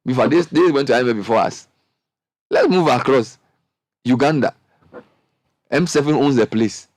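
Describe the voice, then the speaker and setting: The recording is dry and his pace moderate as this middle-aged radio host, who has a Ghanaian accent, runs a panel discussion. Passion and animation drive his speech, which climbs into high exclamations.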